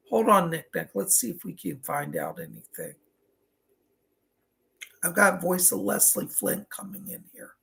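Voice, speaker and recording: A psychic medium does live online readings, relaying messages in a high-sitting, very animated voice that's fairly bright and moderately paced. He often breaks off with "hold on," and sometimes coughs or clears his throat between readings.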